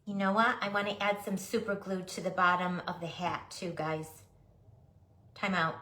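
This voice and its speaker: A woman in her sixties with a girlish, high voice, chatting casually and often softly on a craft livestream. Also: little pitch movement, reverberant. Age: 60s. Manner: slow, chatty, often drops to a soft murmur.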